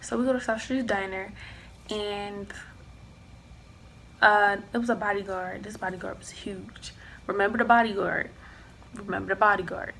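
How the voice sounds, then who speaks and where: A young woman vlogger telling a storytime, with a gravelly, vocal-fry texture in her voice. She acts out each line of dialogue and slips into hushed asides. Her pitch sits in the middle of the range, and faint noise is heard behind her. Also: fairly even intonation, moderate pace, long pauses, low-quality recording. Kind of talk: storytime chat.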